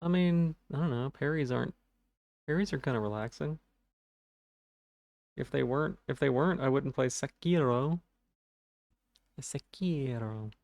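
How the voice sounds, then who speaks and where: A man's voice: medium pitch, normal speed, gravelly, pauses often, a little mellow, dry recording. A man streaming a game live, chatting casually with his viewers in a rambling, self-deprecating way, and stuttering on some words.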